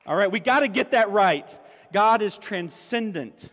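A man with a high voice preaches a sermon at an unhurried pace. He repeats key phrases for emphasis and rises to exclamations, and a long hall echo trails behind his words in the church sanctuary. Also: lively intonation, a bit bright. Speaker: pastor.

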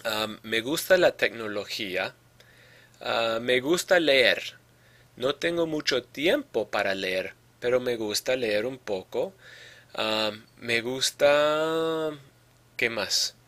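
Patient teacher-man with a bright voice. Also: mid-range voice, expressive, takes it slowly. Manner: patient, explanatory, says "okay" often. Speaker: Spanish teacher. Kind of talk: podcast lesson.

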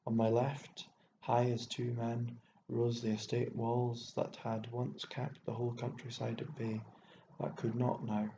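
A man reading a literary short story aloud as an audiobook narrator, with steady, measured telling. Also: mid-range voice, gravelly, noisy background. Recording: echoey room, dull lo-fi sound.

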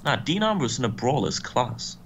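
A young man co-hosting a casual game commentary, briskly recapping match results with dry asides. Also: mid-range voice, sing-song, fairly bright tone, a little hiss or hum. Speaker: co-host and booker.

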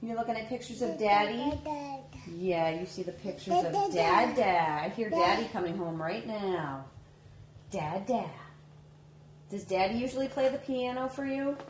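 A woman's voice: medium pitch, expressive, a little slow, a crowd in the background. A woman filming her baby at home, coaxing him in sing-song baby talk. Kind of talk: home video, talking to a toddler. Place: living room at home. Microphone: handheld camera. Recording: roomy home video with background noise.

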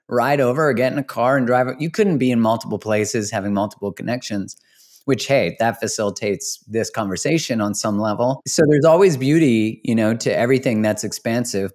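A man's voice: mid-range voice, a little mellow. A man with a mid-range voice hosting a podcast. He chats in a loose, candid way and drops casual swear words. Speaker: podcast host.

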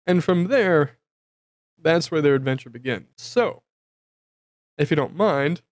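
A fairly high-pitched man talks through a tabletop campaign recap in a loose, joking way. He rambles, corrects himself and fills gaps with ums and uhs. The sound is dry and close. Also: expressive, a little slow, no room sound. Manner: rambling, jokey, many fillers and self-corrections. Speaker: tabletop game player giving a recap. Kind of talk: casual humorous recap.

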